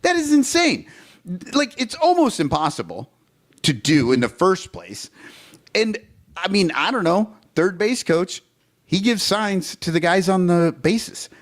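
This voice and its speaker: A man co-hosting a baseball fan podcast who rants with heated, profane energy. His pitch sits a little high and swings widely as he gets worked up. He talks in a loose, casual way. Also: very animated, unhurried. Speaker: podcast co-host. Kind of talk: casual sports chat.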